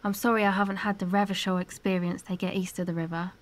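A woman's voice: medium pitch, flat delivery, fast talker, lightly acted. An actress playing a guarded, streetwise young woman in a game, giving blunt, evasive answers. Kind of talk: game dialogue.

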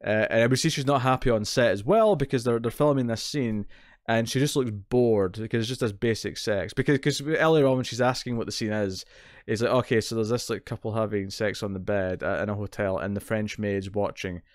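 A man's voice: fairly low pitch, fairly quick, no echo, clean studio sound. A British man co-hosting a TV recap podcast, retelling plot details in a rambling, casual way with many restarts. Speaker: podcast co-host.

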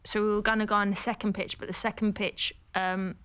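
A woman from Birmingham with a Birmingham accent, speaking as a guest on a chat show. Her voice sits at a middle pitch. She tells a story in an earnest, conversational way and recounts what people said plainly. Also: level tone, brisk, a bit bright, clear, resonant tone. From Birmingham, England. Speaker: guest, football pundit and former player.

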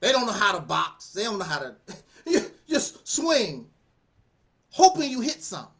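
A man giving casual spoken commentary as a channel host, animated and preachy, often laughing and repeating phrases. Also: sits high, normal speed.

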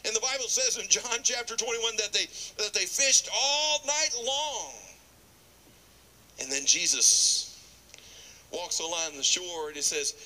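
A man preaching a sermon, animated, acting out scripture dialogue and dropping to a whisper at times. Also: high-pitched, unhurried, low-quality recording.

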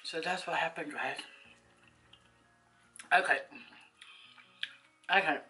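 A woman, a vlogger telling a rambling personal story to camera, chatty and quick to laugh. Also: low-pitched, music in the background, rough recording.

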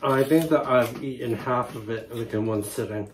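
A man's voice: mid-range voice, moderate pace, slight background noise. A man hosting a casual food chat, speaking hesitantly and often trailing off. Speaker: host.

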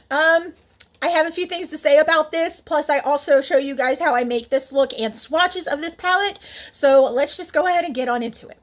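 A woman talking casually to camera as a makeup reviewer, chatty and laughing often, her cheek swollen. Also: high voice. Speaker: beauty reviewer.

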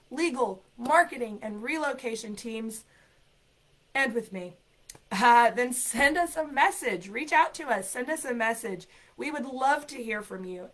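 Woman host, upbeat, chatty, emphatic, mid-pitched voice, exam coaching talk. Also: a bit bright. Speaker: ESL program coordinator and show host. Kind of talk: live-streamed exam tips talk.

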